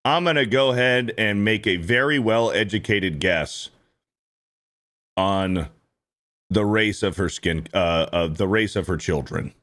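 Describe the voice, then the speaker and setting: A man's voice: lowish voice, unhurried, fairly bright tone. A man hosting a reaction show, ranting bluntly and swearing often as he comments on clips. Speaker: host.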